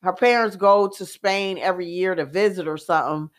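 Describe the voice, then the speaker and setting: A woman, co-hosting a casual chat and telling stories in an animated way, with fillers and laughs. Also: on the low side, fairly quick. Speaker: co-host.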